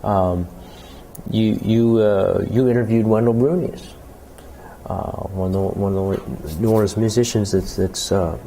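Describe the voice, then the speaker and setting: A man being interviewed as a jazz clarinetist, talking reflectively with many restarts and growing animated when he quotes others. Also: fairly low pitch, unhurried, gravelly, slight background noise, poor audio.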